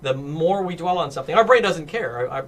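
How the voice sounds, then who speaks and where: A man's voice: a little high, lively intonation, quick pace, a little hiss or hum. A man from Texas, standing in as host in a casual chat, rambling with lots of restarts and fillers. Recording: music playing in background.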